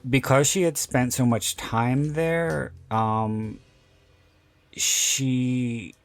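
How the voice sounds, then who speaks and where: A man's voice: medium pitch, extremely slow. A man hosting a podcast, talking in a rambling, candid way and swearing freely. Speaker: podcast host. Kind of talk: casual chat.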